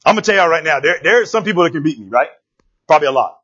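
A man's voice: fairly high pitch, very animated, racing, bright, forceful tone, slightly rough. A man preaching through a Bible passage, retelling the story in slangy, joking asides. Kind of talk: casual sermon storytelling. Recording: dull lo-fi recording.

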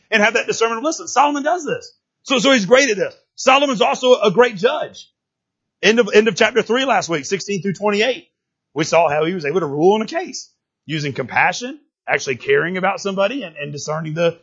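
A man preaching a sermon in a conversational, animated way, often restarting his words. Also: high-pitched, slightly rough, highs cut off. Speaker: pastor.

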